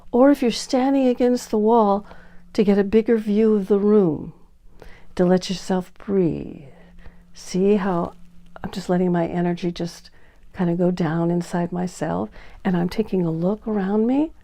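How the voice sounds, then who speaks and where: An energetic woman gives a coaching talk to the camera on dating. She acts out examples as she goes, so her voice swings widely in loudness and pitch. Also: vocal fry.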